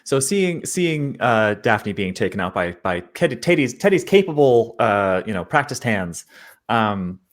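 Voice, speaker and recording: A man's voice: on the low side, very animated, a little slow. A man playing a tabletop game, rambling as he describes his character's actions. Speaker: player.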